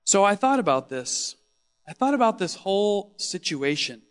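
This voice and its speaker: A preacher delivering a first-person dramatic sermon monologue, telling the story with strong emotion and moving between loud exclamations and hushed tones. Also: male voice, high voice, very animated, normal speed.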